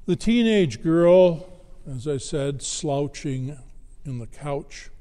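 A man preaching a sermon, telling a story slowly and deliberately with long pauses. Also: fairly high pitch, lively intonation, warm tone. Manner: slow, measured storytelling with dramatic pauses. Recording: long hall reverb.

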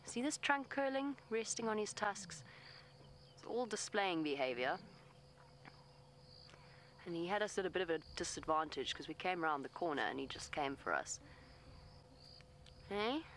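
With lively intonation and long pauses, a woman talks at a moderate pace in a fairly bright voice on the low side, with a little hiss or hum. She's a safari guide in her vehicle outdoors, coaxing an elephant soothingly and pleadingly and plainly explaining its behavior to viewers live on camera.

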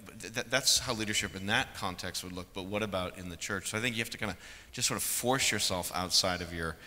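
A man's voice: low voice, fast talker, bright, forceful tone. A panelist, a man who speaks hesitantly and searches for his words. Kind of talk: panel discussion. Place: large conference hall. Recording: reverberant hall with faint noise.

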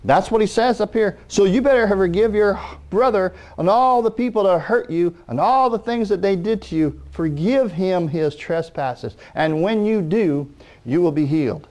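A middle-aged man preaching a sermon, animated, acting out the people in his stories. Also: moderate pace. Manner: animated, acting out quoted people in raised pitch.

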